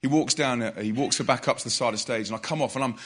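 A man preaching to a live audience, telling a story with energy and loud bursts of emphasis. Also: mid-range voice, fast talker. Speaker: youth evangelist.

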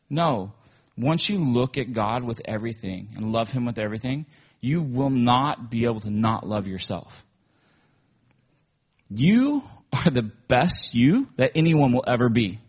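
Male preacher, husky voice, chatty emotional sermon delivery, dull lo-fi audio. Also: medium pitch, animated, measured pace. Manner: conversational storytelling, often emotional. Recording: dull lo-fi recording.

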